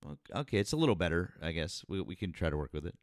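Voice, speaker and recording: A man's voice: sits low, big pitch swings, fast talker, dry recording, studio quality. A man hosting a live call-in politics show, questioning callers bluntly and needling them. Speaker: host.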